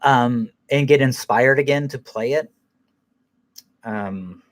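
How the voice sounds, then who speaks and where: A man's voice: medium pitch, slow pace. A man hosting a podcast who rambles through an angry, profane rant and laughs at himself now and then. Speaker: podcast host.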